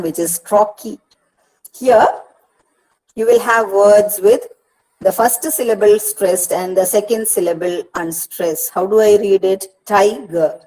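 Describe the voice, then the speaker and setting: A woman with an Indian English accent and a mellow, medium-pitched voice teaches an online lecture as a university counsellor for a regional study centre session in Kerala, India. Patiently, she repeats words and breaks them into syllables. The recording is low quality.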